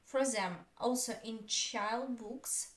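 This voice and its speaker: A woman with a Russian accent, a Russian speaker teaching beginners in English, slowly repeating each example word for her learners. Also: fairly high pitch, roomy sound. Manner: slow, patient, repeats words for learners. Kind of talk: beginner language lesson.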